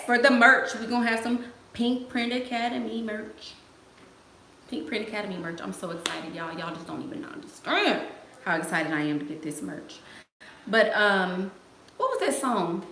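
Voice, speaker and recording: A woman's voice: medium pitch, normal speed, fairly bright tone. Sassy laughing woman on a livestream. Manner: sassy, laughing, playful slang. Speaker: host answering live chat. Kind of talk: casual livestream chat. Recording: echoey room, faint noise.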